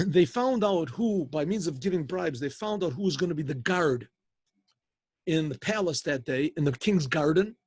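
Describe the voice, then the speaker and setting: A male rabbi tells a story in a relaxed, halting way, often repeating words and adding asides. His voice sits high with a husky edge. He is heard dry and close over a video-call mic. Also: dry recording. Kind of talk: informal oral storytelling.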